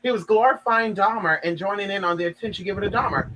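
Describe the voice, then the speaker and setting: A man's voice: sits high, quick pace, few pauses, bright, forceful tone, slight background noise, poor audio. A man giving sassy, dramatic gossip commentary, reading a story aloud and reacting to it.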